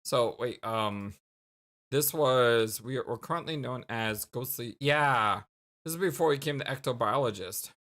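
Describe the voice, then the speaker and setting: With a mid-range, slightly bright voice, a let's play host offers casual commentary and reads game text aloud. He's full of quick reactions and exclamations.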